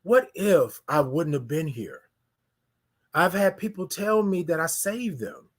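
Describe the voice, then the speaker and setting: A man with a notably high voice hosts a morning live stream. He talks with heartfelt, preacher-like emotion, often asking "right?" as he reads comments from viewers. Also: lively intonation, measured pace. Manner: emotional, preacher-like cadence with many "right?" asides. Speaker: host of a morning live show.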